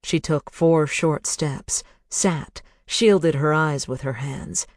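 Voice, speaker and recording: Slow, measured audiobook narrator. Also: medium pitch, no echo, clean studio sound. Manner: measured, hushed, building to intense. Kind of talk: scripted thriller narration.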